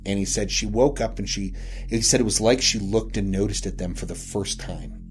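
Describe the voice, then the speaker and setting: A man's voice: on the low side, normal speed, faint music behind. A man casually retelling a local ghost story he heard, rambling along with frequent "he said" and "you know" asides.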